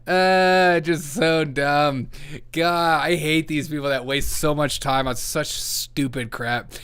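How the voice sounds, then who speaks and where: A man hosting a satirical news show, mocking the stories he covers with a sarcastic edge. His voice sits a little higher than most men's. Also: steady tone, slow pace, a bit bright, clear, resonant tone. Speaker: comedy news show host.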